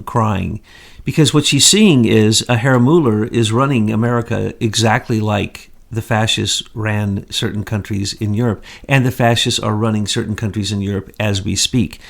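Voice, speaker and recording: A man co-hosting a political commentary show, talking indignantly in rapid strings of rhetorical questions. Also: lowish voice, vocal fry. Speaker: co-host.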